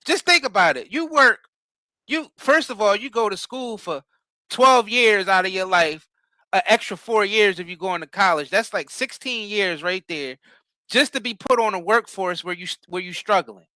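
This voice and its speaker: A man's voice: high-pitched, normal speed, pushed and bright, no echo. A man in heated casual political talk, emphatic and repeating words as he builds his point.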